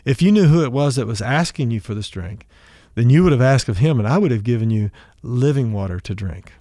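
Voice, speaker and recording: A man voicing Jesus as a calm, patient teacher, in plain conversational words. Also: mid-range voice, brisk, dry recording, studio quality, close to an everyday voice.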